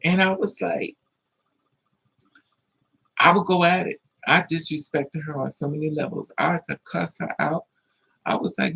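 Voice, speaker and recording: A man's voice: fairly high pitch, fairly even intonation, a little slow, vocal fry, pauses often, sharp tone, breathy edge, rough recording. A man hosting a livestream tells a personal story to his viewers, casual, blunt and profane, with a lot of feeling in it. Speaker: livestream host.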